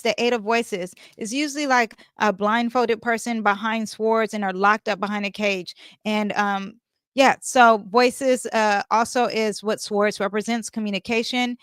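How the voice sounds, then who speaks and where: A woman's voice: on the high side, clear, resonant tone, no echo, clean studio sound. Chatty woman giving a tarot reading. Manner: chatty, laughs often, many fillers and asides. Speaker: astrology and tarot reader. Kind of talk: casual tarot and astrology reading.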